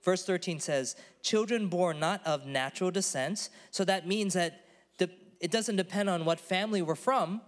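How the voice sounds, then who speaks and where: Earnest pastor man, emphatic and fairly high. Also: moderate pace, big-room sound. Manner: earnest, emphatic, calls on the congregation to repeat words. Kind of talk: conversational sermon dialogue. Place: church.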